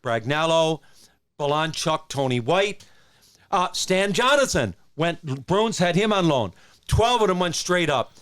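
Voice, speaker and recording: A man in his sixties from Newfoundland, a former hockey player who tells stories as a podcast guest in a rambling, animated way with many restarts. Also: a little high, measured pace, smooth. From Newfoundland, Canada. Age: 60s. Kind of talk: casual storytelling.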